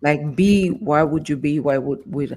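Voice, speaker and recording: A woman co-host and mother, giving a slow, searching answer in casual chat, thinking aloud. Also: low-pitched, warm tone.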